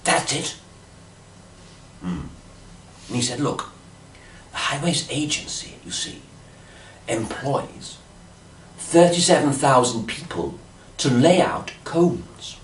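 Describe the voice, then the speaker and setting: A dotty Englishman rambles through a comic monologue, his pitch leaping all over the place. He sounds set back from the mic in a roomy space, with a faint hum of ambience behind him. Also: sing-song, takes it slowly, pauses often, distant mic. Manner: dotty, fussy posh-English rambling with many "you see"s. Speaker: comic storyteller.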